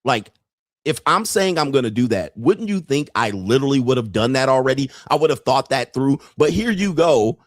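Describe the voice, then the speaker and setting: A ranting podcast host with a slightly high voice delivers a profane livestream monologue. The sound is very dry with no echo, and he is brash, laughs a lot, and imitates people.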